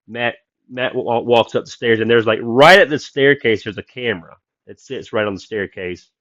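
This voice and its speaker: A man's voice: fairly low pitch, dry recording, highs cut off. Man telling a wild story. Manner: animated, acts out quoted voices loudly. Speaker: comedian guest. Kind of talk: casual storytelling.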